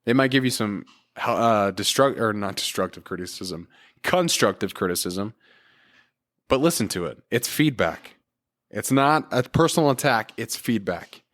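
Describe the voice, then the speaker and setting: A man's voice: on the low side, animated, measured pace, fairly bright tone. Earnest man hosting a motivational podcast. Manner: earnest, encouraging, casual with fillers. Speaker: podcast host. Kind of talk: solo motivational podcast talk.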